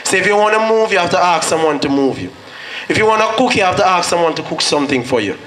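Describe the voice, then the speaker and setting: Speaking fast in a high, animated, fairly bright voice, a Jamaican-accented guest speaker addresses a school graduation with an earnest motivational story, dropping into patois whenever he quotes his own words. The hall echoes and there's faint noise.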